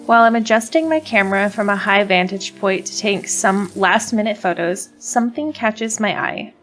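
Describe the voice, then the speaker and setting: A woman's voice: mid-range voice, moderate pace, hardly any pauses, a bit bright, faint music behind. A woman hosting a game playthrough, reading the story text aloud and gushing about the characters, often stumbling and restarting words. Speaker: let's play host.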